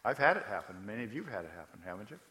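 A man's voice: fairly low pitch, big pitch swings, racing, pushed and bright, long reverb tail, a little hiss or hum. A man preaching a sermon as pastor, speaking conversationally and with emphasis, often putting questions to the congregation.

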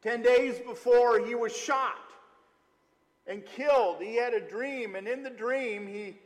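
Middle aged guy preaching, kinda high voice, lots of uhs, big echoey hall sound. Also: slow pace. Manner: storytelling, animated, with frequent "uh" fillers. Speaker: pastor. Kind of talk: sermon. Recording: long hall reverb.

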